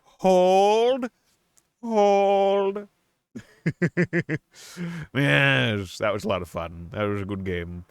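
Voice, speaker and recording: A man's voice: deep voice, expressive, normal speed, gravelly, few pauses, pushed and bright, clear, resonant tone, no echo. A young man chatting casually on a live stream, playful and laughing often, slipping into a silly put-on accent.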